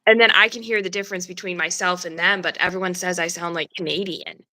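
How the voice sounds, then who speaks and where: A woman with an Upper Midwest accent, a guest in a casual chat, telling stories with an animated, laughing manner. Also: lowish voice, fast talker, rough recording. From North Midwest of the USA.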